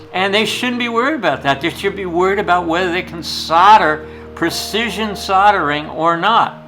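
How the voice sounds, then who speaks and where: An older man, a retired jewelry teacher, tells rambling stories in a blunt, opinionated way. His voice sits a bit high for a man. Soft guitar music plays underneath him. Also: low-quality recording. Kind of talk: anecdotal storytelling.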